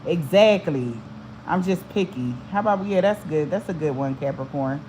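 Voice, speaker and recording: A woman's voice: deep voice, expressive, normal speed, a little mellow, a little hiss or hum, low-quality recording. Blunt, laughing woman chatting to viewers. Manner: blunt, profane, laughs often. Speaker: spiritual channel host. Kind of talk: casual chat to viewers.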